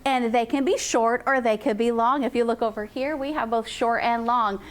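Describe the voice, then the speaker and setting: Bright-voiced woman teacher drilling phonics. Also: fairly high pitch, fairly even intonation, moderate pace. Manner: upbeat, drills sounds in call-and-response chants. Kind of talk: classroom phonics lesson.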